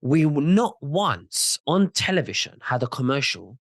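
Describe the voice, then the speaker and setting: A man's voice: on the high side, sing-song, measured pace, fairly bright tone, dry recording, clean studio sound. Insistent man who trips over repeated words. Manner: insistent, stumbles and repeats words when starting a point. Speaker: interviewer or guest in a video interview. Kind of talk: casual conversational interview.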